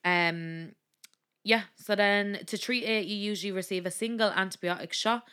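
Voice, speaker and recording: A woman's voice: mid-range voice, steady tone, normal speed, bright, forceful tone, smooth. A woman co-hosting a podcast, reading from her notes with lots of ums and breaking into giggles. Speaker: podcast co-host. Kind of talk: casual podcast chat.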